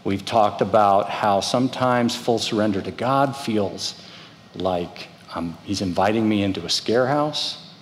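A man's voice: lowish voice, unhurried, a little hiss or hum. A middle-aged man preaching a sermon as pastor, telling stories and acting out the voices of the people in them. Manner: storytelling, acts out quoted voices. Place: church. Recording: reverberant church hall.

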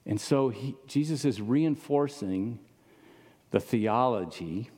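A man's voice: mid-range voice, slow, a little mellow. A man preaching a casual, conversational sermon to a congregation in a church auditorium, often asking the audience questions. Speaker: pastor. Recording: long reverb of a large hall.

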